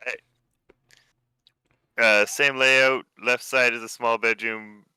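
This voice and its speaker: A man narrating a tabletop game as game master, describing rooms with relaxed, hesitant phrasing and many fillers. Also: medium pitch, slow, clean tone, dry recording.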